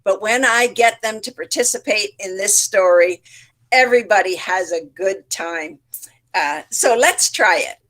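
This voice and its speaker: A woman's voice: mid-range voice, measured pace, a bit bright. A woman telling folk tales expressively to teachers over a video call, acting out sounds and voices as she goes. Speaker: storyteller. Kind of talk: participation storytelling for teachers. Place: home setup, online session.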